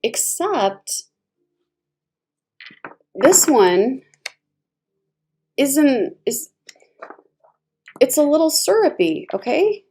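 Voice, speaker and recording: A woman giving a casual tarot reading, chatty and expressive, laughing often as she talks. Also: high-pitched, very slow, pauses often. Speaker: tarot reader.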